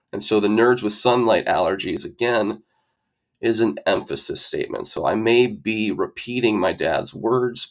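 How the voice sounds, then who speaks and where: A man's voice: on the low side, gravelly. A man working as an SAT tutor, explaining grammar rules over slides in a methodical way with wry asides.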